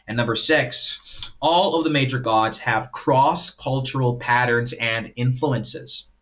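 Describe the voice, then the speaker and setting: A man's voice: mid-range voice, slow pace, bright, forceful tone. A man hosting a livestream in a casual way, lecturing and laying out his points one by one. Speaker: livestream host.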